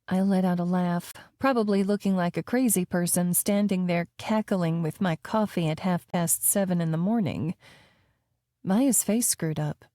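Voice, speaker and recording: Mellow woman narrating an audiobook. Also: on the low side, normal speed, dry recording, clean studio sound. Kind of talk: first-person romance audiobook narration.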